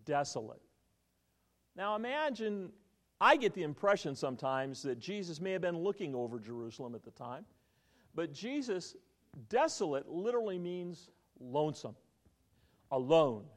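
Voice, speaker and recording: Male pastor, slightly high, very expressive delivery, sermon with storytelling and audience questions. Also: moderate pace. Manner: animated storytelling, quizzing the congregation.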